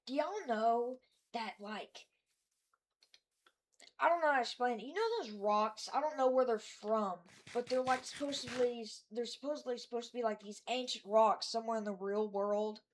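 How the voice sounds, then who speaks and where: A woman's voice: fairly high pitch, moderate pace, slight background noise. A woman giving a casual voice-over of her game world, rambling and hesitant, with lots of fillers, restarts and self-deprecating asides. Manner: self-deprecating about her own work. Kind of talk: casual voice-over narration of gameplay.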